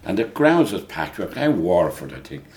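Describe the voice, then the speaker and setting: A man's voice: deep voice, sing-song, a little fast, a little mellow. An older man telling laughing anecdotes in a casual chat. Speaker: guest telling stories.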